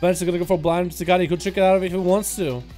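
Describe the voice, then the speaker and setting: A young man casting a video game duel as rapid play-by-play commentary, excitable and hype. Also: high-pitched, faint music behind. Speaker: game caster.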